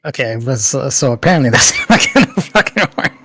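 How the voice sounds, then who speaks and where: A man's voice: medium pitch, very animated, a little fast, bright, forceful tone, dry recording, poor audio. A man playing a tabletop game, talking casually and swearing now and then. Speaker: player.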